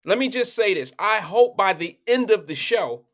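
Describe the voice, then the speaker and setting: A man with a high voice hosts a live online talk show. He chats loosely with viewers, repeats his questions and speaks into his own microphone. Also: lively intonation, moderate pace, fairly bright tone. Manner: loose, repetitive, talks straight to viewers. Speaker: livestream show host. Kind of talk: casual live-stream chat.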